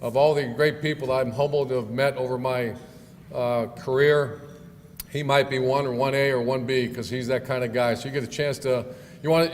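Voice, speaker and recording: A middle-aged man, a football coach, giving a banquet speech with jokes. He tells stories in a folksy way with many filler pauses. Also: mid-range voice. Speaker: football coach, guest speaker. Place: large banquet hall. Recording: long hall reverb, faint room noise.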